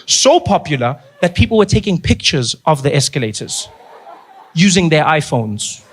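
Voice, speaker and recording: A male stand-up comedian telling stories on a live stage in an animated, playful way, using a handheld mic. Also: fairly high pitch, normal speed. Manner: animated, playful storytelling with big vocal swings. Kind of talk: stand-up storytelling. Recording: live comedy club with noise.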